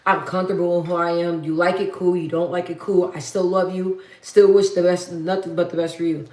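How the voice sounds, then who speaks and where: A woman with a deep, bassy voice chatting casually as host of her livestream, blunt and matter-of-fact and repeating herself for emphasis. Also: flat delivery, brisk, a little mellow. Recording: roomy echo.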